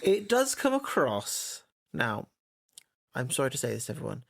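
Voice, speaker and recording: Male co-host, mid-pitched, casual and opinionated, quick to laugh. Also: huge pitch swings, creaky, a bit bright. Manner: chatty, laughs often, opinionated. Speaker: podcast co-host. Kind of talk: casual chat.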